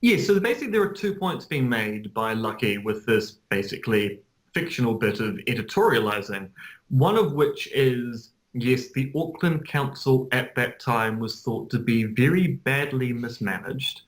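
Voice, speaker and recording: A New man co-hosting a chatty podcast. His voice sits at a middle pitch, and he talks in an explanatory, wry way, laying out facts at an even, measured pitch. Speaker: podcast co-host. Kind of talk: casual chat.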